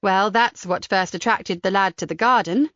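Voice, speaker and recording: A woman voicing a hospitable London woman in her seventies, with a London accent and a warm, chatty manner. The recording is dry and slightly dull. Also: medium pitch, normal speed, no room sound, close to an everyday voice. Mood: welcoming. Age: 70s.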